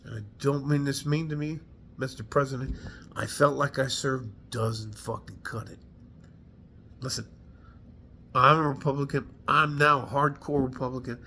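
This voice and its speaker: A man's voice: medium pitch, fairly even intonation, normal speed, pushed and bright. A middle-aged man, a combat veteran, speaking emotionally to camera in a heated, profane rant, sighing and stuffy-nosed as he holds back tears. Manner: heated, profane, breaks off with sighs.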